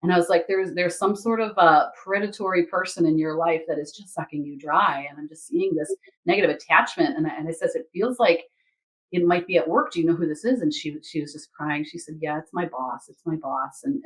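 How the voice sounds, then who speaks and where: A woman's voice: sits low, fairly quick, rough recording. Woman telling a spiritual reading story. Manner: animated, quotes others and herself in lively asides. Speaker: Akashic Records reader. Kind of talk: casual conversational storytelling.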